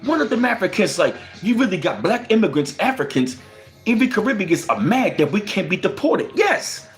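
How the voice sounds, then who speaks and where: Soft background music plays as a man from the United States hosts a heated livestream, his high voice swinging widely in pitch at a moderate pace. He swears, speaks emphatically, throws out rhetorical questions, and reads viewer chat comments aloud.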